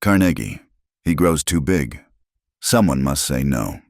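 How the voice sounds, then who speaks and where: A man's voice: rumbling low, lively intonation, unhurried, darkish tone, no room sound, studio quality, heavily acted. A man voicing a kind, worried older farmer, speaking heavily in short blunt sentences. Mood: earnest.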